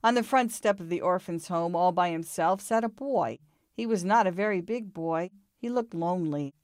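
A woman reading a children's storybook aloud in a calm, expressive way. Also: lowish voice, moderate pace, dry recording, studio quality.

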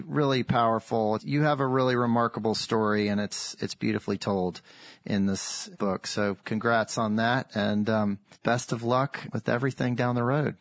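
A man's voice: mid-range voice, no echo, clean studio sound. A man hosting a podcast who interviews a guest and thanks him politely. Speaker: podcast host.

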